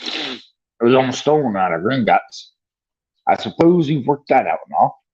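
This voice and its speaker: A man voicing a huge, gruff gamekeeper in a storybook reading, in a near-normal voice. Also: medium pitch, very animated, moderate pace, a little mellow, dull audio. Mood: stubborn. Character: huge gruff male gamekeeper, secretive and warm.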